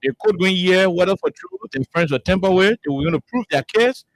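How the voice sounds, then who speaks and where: A man's voice: high-pitched, animated, brisk, rough recording. A man hosting a call-in radio talk show, pressing points and repeating words for emphasis.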